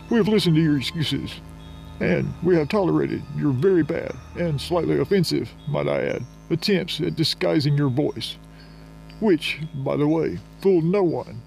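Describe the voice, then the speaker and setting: A man's voice: fairly high pitch, creaky, a little mellow, rough recording. A man voicing a stiff, condescending bill collector who speaks in formal, clipped sentences. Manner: formal, clipped, talks down to the listener.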